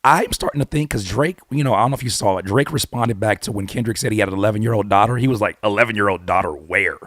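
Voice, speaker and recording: A man hosting his own channel, giving blunt, animated hip-hop commentary full of rhetorical questions and casual swearing. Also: on the low side, fast talker, no echo, studio quality. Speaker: YouTube host and rapper. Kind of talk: opinionated music commentary.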